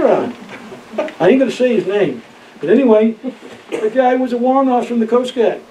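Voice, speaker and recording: In an oral history interview recorded in a library room, an older man from Maine, USA, tells rambling, folksy tales of his Coast Guard days and laughs often. His voice is very high and dark-toned, a little fast with long pauses. The audio is roomy, distant, and dull, with faint hiss.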